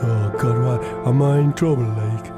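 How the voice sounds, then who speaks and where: A man's voice: medium pitch, steady tone, normal speed, over loud music. A man co-hosting a comedy podcast, rambling in character, his talk full of 'you know' and 'like'.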